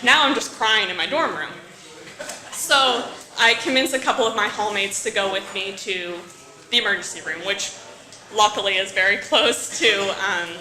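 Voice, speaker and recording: A young woman tells a personal story at a live story slam, chatty and self-mocking. Her voice is bright and fairly high. The sound carries the echo of the venue. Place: stage at a live event.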